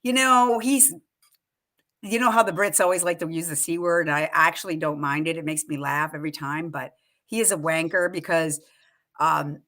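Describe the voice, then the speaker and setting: A woman hosts a casual live chat, her voice bright and forceful. She is excitable, laughs often, and breaks into quotes of film lines as she talks. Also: low voice, normal speed. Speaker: show host.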